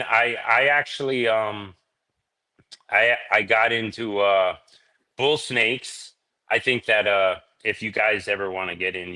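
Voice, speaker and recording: Casual male podcast guest, bright lowish voice, rambling storyteller. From Florida. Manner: laid-back, rambling, peppers speech with "man" and "dude". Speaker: reptile breeder, podcast guest.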